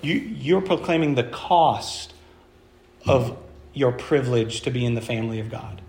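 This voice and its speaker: A man's voice: mid-range voice, animated, a little slow, darkish tone, roomy sound, slight background noise. A man preaching a sermon as pastor, talking in a conversational way with fillers and restarts. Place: church.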